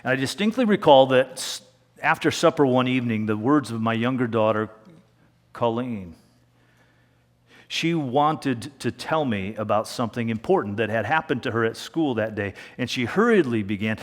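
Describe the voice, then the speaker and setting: A man preaching a sermon as pastor, talking in a conversational way and slowing down to a hush for emphasis. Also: mid-range voice, animated. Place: church sanctuary. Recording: long reverb of a church hall.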